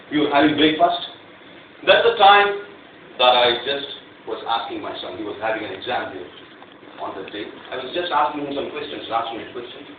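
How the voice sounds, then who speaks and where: A man giving a prepared club speech, telling a story and acting out the outbursts in it. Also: medium pitch. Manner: animated, acts out quoted outbursts. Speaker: club speaker. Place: meeting room. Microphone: clip-on mic, distant recorder. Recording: very echoey, far off, phone-like and tinny, faint hiss.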